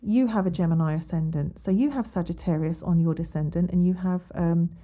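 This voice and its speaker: A woman's voice: lowish voice, fairly quick, warm tone. A woman hosting an astrology podcast, talking casually with many ums and restarts. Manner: chatty, many ums and restarts, reads quotes aloud. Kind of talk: casual explanatory monologue.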